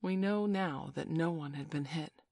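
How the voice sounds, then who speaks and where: A woman reads a classic storybook aloud in a measured, expressive way. Her voice is low, and the sound is close and dry with no room echo. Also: vocal fry. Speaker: audiobook narrator. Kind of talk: scripted storybook narration.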